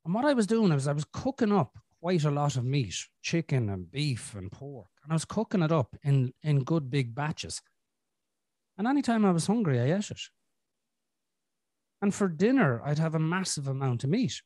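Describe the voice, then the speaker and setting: A man talks candidly as a podcast host, swearing freely as he tells his story. His pitch sits a little high and moves a lot. The sound is dry and close. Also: very animated, normal speed, a little mellow, dry recording. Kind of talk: casual conversation.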